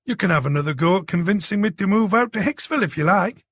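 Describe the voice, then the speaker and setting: A man's voice: sits high, animated, fast talker, fairly bright tone, breathy edge, dry recording, voice pushed up, full character voice. A man reading an audiobook plays a cheeky young man from the city who teases his friend about computers. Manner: cocky, bantering. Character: cheeky young London tech-savvy man.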